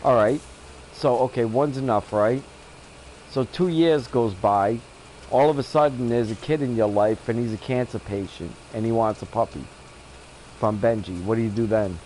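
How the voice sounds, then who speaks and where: A man's voice: mid-range voice, normal speed, a little mellow, slight background noise, low-quality recording. A man in his fifties hosting a gaming channel, chatting casually and telling blunt stories with frequent laughter. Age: 50s. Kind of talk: casual chat while gaming.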